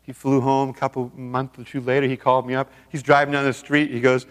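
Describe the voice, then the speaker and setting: A man telling a story to a seminar audience in a lively, animated way, acting out the people he quotes. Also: medium pitch, fast talker, few pauses. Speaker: seminar speaker. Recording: long hall reverb.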